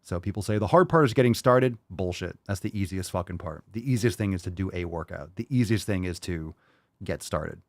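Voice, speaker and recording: A man's voice: low-pitched, a little fast, gravelly, warm tone, dry recording. A man in his thirties hosting a fitness podcast, ranting crudely and profanely and reading out listener emails in a mocking tone. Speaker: podcast host.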